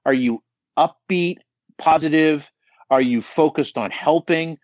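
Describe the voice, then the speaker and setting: A man's voice: a little high, measured pace, dry recording. A middle-aged man giving emphatic coaching advice on a podcast, often checking in with "right?". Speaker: business coach guest.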